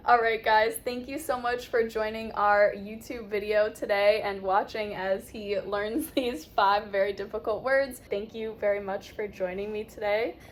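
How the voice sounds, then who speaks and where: A young woman with a General American accent teaching pronunciation in a classroom, drilling words patiently and spelling out letters slowly. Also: mid-range voice, slight background noise. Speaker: accent coach. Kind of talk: pronunciation lesson. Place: classroom with a board.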